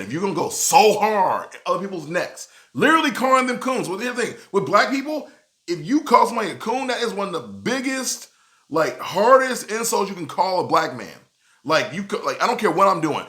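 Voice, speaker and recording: Bright-voiced, animated male commentator. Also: on the high side. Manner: animated, with frequent "you know what I'm saying". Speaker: video commentator. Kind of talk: casual commentary.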